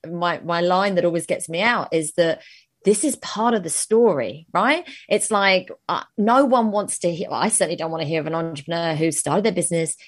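A woman's voice: fairly low pitch, normal speed, no room sound, clean studio sound. A woman, a business coach telling stories in a casual podcast chat and acting out her clients' voices. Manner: animated storytelling, acts out clients' voices.

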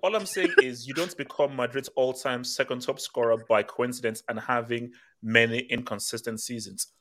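A man's voice: medium pitch, steady tone, normal speed, fairly bright tone. A man hosting a casual football panel show, reading out viewer comments and teasing his co-hosts with sarcasm and frequent laughter. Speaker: podcast host reading chat.

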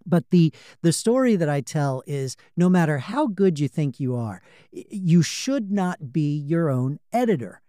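A man's voice: a little high, big pitch swings, a little slow, warm tone, no echo, studio quality. A man hosting a podcast and working as an audiobook narrator, telling stories animatedly and repeating words for emphasis. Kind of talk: conversational interview.

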